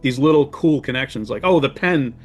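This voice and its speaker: A man in his forties, a podcast guest and horror filmmaker, chatting casually and telling stories with animated laughter. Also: medium pitch, a little fast, faint music behind.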